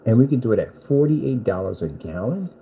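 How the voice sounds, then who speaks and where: A man's voice: medium pitch, very animated, a little fast, heavy background noise. A man delivering a boastful, taunting rant at a rival screen maker, repeating himself for emphasis. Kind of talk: trash-talking rant at a rival.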